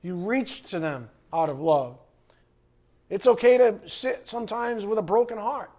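Animated high-voiced male preacher. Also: measured pace. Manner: animated preaching, acts out quoted voices and shouts. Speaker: pastor. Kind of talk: sermon.

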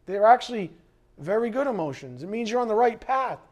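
A middle-aged man preaching a sermon as pastor, animated, acting out quoted voices and sometimes shouting. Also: high-pitched, a little fast.

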